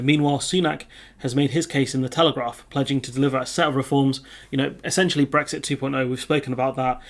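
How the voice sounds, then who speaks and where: A man's voice: medium pitch, vocal fry. A man giving casual political commentary on the news, sardonic and chatty, with lots of filler words.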